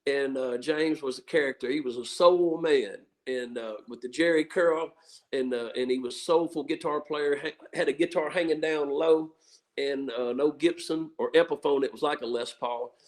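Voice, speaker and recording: A man's voice: fairly high pitch, fairly even intonation, moderate pace. Man, Mississippi Southern accent, blues musician, rambling, many fillers. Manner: meandering, filler-heavy storytelling. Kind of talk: rambling radio interview chat.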